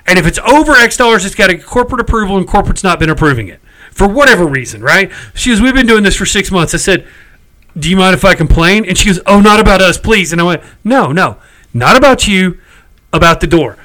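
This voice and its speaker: A man's voice: high-pitched, expressive, fast talker, pushed and bright, low-quality recording. A middle-aged man, telling a story in casual chat, exasperated and cursing freely. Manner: chatty, exasperated, salty language.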